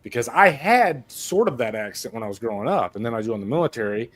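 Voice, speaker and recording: A man from Mississippi talks through a film in a relaxed panel chat, his voice sitting at an ordinary middle pitch. He rambles, stumbles over repeated words and keeps an earnest tone. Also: fast. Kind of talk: casual movie discussion.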